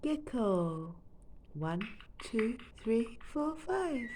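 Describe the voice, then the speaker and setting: A woman with an Australian accent at home, talking softly and fondly to her pet parrot while filming it on her phone from close by. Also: a little high, big pitch swings, slow, background noise. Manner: soft, doting baby-talk to her bird. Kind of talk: casual chat to a pet on camera. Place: at home, leaning over a couch. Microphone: phone camera held close.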